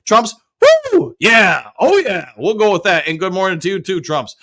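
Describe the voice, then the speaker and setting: A man's voice: high-pitched, lively intonation, normal speed, bright, forceful tone. A middle-aged man hosting a live fan show, chatting casually and reading viewer comments aloud with cheerful whoops.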